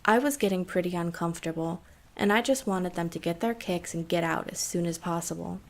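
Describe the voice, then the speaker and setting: A woman narrating a scripted horror story in a steady, measured way. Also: fairly low pitch, gravelly.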